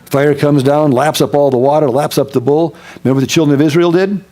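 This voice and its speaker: A man preaching a sermon as pastor, telling stories in an animated way, acting out scenes and dropping to a soft voice for emphasis. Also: on the high side, fast. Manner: drops to a soft, quiet voice for emphasis.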